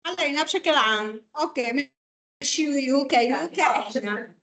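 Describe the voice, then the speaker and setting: High-voiced woman teaching translation, echoey room. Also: very fast, fairly bright tone. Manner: switches between English and Arabic, checks in with "okay?". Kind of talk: classroom lecture. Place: classroom.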